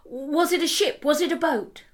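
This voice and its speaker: A man's voice: very high-pitched, normal speed, fairly bright tone, voice pushed up. A woman voicing an old male lighthouse keeper who fires off urgent, anxious questions. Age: older.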